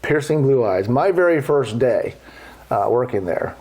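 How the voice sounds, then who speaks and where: Middle-aged guy, mid-pitched voice, casual and salty yarn-spinner. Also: a little slow, breathy edge. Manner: profane, animated storyteller. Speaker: golf podcast guest telling stories. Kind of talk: casual storytelling.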